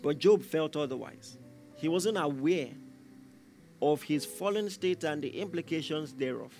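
A man's voice: a little high, measured pace, a little mellow. A man preaching a sermon, emphatic and repeating key phrases, raising his voice when he acts out quoted lines. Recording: faint instrumental music behind.

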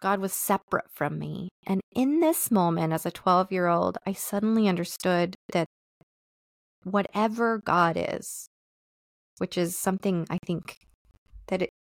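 A woman hosting a podcast, telling a personal story in a soft, reflective, confessional way with thoughtful pauses. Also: on the low side, creaky, no echo, studio quality. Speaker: podcast host.

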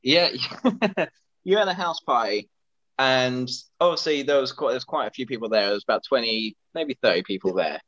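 A man's voice: medium pitch, expressive, normal speed, fairly bright tone, muffled recording. A man telling stories with restarts in a casual podcast chat. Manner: rambling storyteller with restarts. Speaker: podcast co-host.

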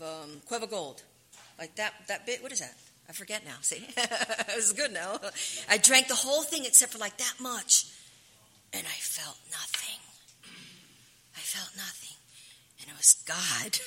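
A woman's voice: fairly low pitch, bright, forceful tone. A woman sharing her recovery story at a meeting, candid and emotional, often restarting her sentences.

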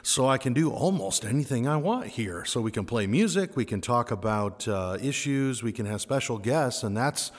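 A man's voice: medium pitch, animated, moderate pace, few pauses. A man hosting a podcast interview at a camp, friendly and eager, with lots of affirming interjections. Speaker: podcast host. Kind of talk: casual interview chat. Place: indoors at a summer camp. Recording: roomy echo with long reverb.

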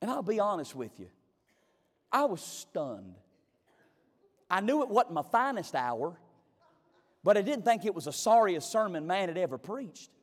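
A man's voice: sits high, big pitch swings, measured pace, pauses often, long reverb tail. A male pastor preaching a sermon through emphatic, heartfelt storytelling.

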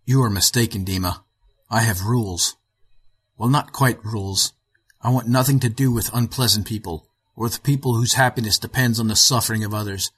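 A man reading aloud voices a weary aging male physicist who speaks in a flat, rough way. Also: lowish voice, fairly quick.

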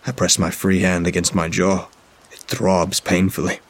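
A man's voice: sits low, level tone, normal speed. A man narrating a first-person horror story with a dramatic delivery. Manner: dramatic, voices characters in dialogue.

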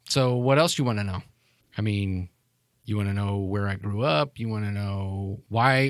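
A man's voice: mid-range voice, no echo, clean studio sound, lightly acted. A man playing a glib, bitter long-lost sister. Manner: casual, offhand, swearing.

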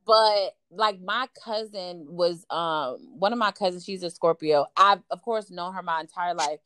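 A woman's voice: fairly low pitch, a little slow, no echo. A woman telling a story in casual chat, acting out quoted dialogue with lots of fillers. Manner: animated, acts out quoted dialogue, frequent fillers.

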